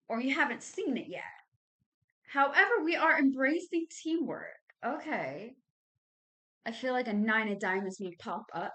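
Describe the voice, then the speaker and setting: Woman, Texas Southern accent, thirties, tarot reader, slangy casual chat, crisp bright tone. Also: a little high. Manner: chatty and slangy, addresses viewers as babies and y'all. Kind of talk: casual monthly card reading.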